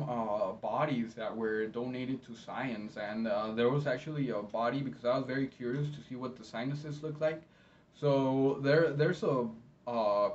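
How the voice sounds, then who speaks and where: A friendly, encouraging man with a medium-pitched voice gives an educational talk to camera as a medical interpreter, often pausing mid-sentence. The recording is slightly distant and dull, with a lo-fi quality and faint noise.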